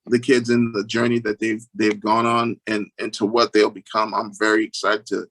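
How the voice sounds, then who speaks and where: A man being interviewed as a guest. He tells stories earnestly, restarts his sentences often, and jumps into high, lively voices when he quotes other people. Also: normal speed. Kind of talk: storytelling interview.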